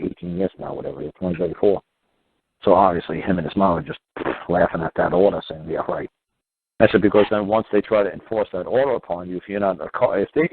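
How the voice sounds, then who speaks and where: A man's voice: sits low, husky. A middle-aged man hosting a call-in show, giving blunt, rambling advice and swearing freely. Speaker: host. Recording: tinny phone-like audio.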